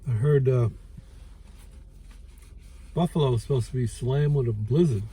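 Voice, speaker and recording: Mellow husky man with Brooklyn accent. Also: medium pitch. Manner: rambling, relaxed, many filler pauses. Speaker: food reviewer. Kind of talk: casual outdoor food vlog. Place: outdoors by a lake.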